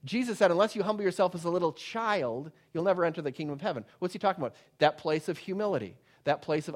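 Middle-aged pastor guy preaching, kinda high voice, gets loud then goes real soft. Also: lively intonation, fast, few pauses. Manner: dynamic preaching, swinging from loud emphatic to hushed and soft. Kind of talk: sermon.

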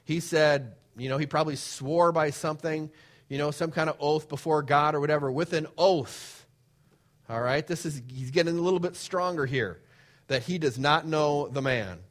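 A man's voice: fairly high pitch, normal speed. A man preaching a sermon, reading scripture verses aloud and then explaining them in plain conversational asides.

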